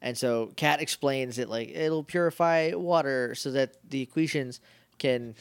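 A man's voice: medium pitch, a little slow, clear, resonant tone, dry recording. A man co-hosting a podcast, chatting casually with a rambling, jokey manner and lots of fillers. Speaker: podcast co-host. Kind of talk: casual chat.

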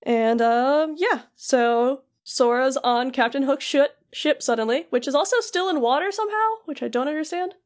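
A young woman co-hosting a podcast, recapping a video game in loose, rambling chat full of fillers, briefly voicing the characters. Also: sits high. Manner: rambling, filler-heavy storytelling with quick voiced asides. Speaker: podcast co-host.

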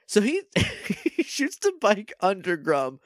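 A man co-hosting a podcast, recapping a TV episode in casual chat, animated and sarcastic, cussing freely and acting out the characters' lines. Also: sits high, takes it slowly, no room sound, clean studio sound. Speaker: podcast co-host.

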